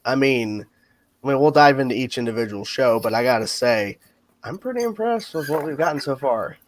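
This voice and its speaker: A man hosting a casual livestream chat, talking in quick asides. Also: medium pitch, lively intonation. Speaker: host.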